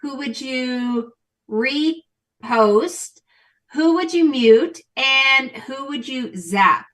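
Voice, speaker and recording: A woman's voice: sits high, expressive, drawn-out words, fairly bright tone, far from the mic. A woman co-hosting a casual chat stream, playful and giggly as she asks questions. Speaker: co-host.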